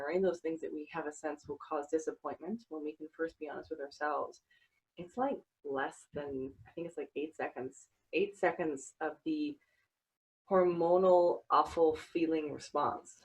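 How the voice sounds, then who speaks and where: A woman's voice: low voice, animated, measured pace, slightly rough, poor audio. A woman hosting a podcast interview, talking earnestly and reflectively with many fillers. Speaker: podcast host. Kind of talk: casual interview chat.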